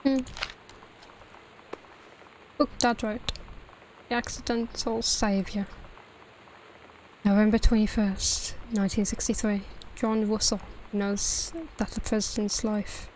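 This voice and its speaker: Female let's-play host, slow, flat delivery, reads items aloud, faint rain behind. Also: mid-range voice, slight background noise, rough recording. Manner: reads on-screen text aloud, mumbling asides. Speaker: gaming channel host. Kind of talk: casual let's-play commentary.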